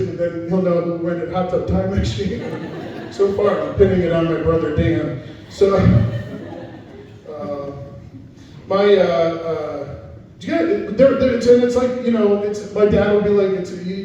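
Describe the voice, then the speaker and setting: A man's voice: high-pitched, moderate pace, mellow, slight background noise. A middle-aged man doing stand-up comedy at a live venue, chatting with the crowd in a self-deprecating way. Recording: echoey room, distant muffled mic.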